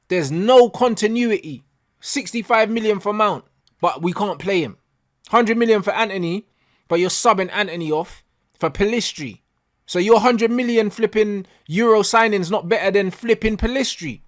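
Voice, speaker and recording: A man's voice: high-pitched, expressive, normal speed, a bit bright. A man ranting in a post-match football reaction video, heavy on slang and repeating himself for emphasis. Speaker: football fan channel host.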